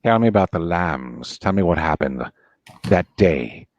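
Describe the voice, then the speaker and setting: A man voicing a menacing, cultured male killer who questions slowly and insistently. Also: very animated, no room sound. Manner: slow, low, insistent questioning. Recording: dull dry sound.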